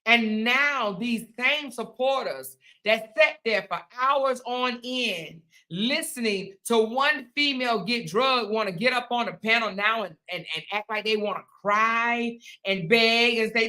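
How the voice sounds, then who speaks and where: Bright-voiced woman ranting sarcastically. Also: on the high side, a little slow, hardly any pauses. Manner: sarcastic, repetitive, mocking, emphatic. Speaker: commentary channel host. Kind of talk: ranting commentary monologue.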